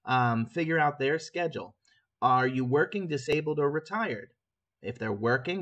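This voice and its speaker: A man's voice: mid-range voice, fairly bright tone. A man giving a casual sales training talk, explaining phone scripts and acting out sample calls.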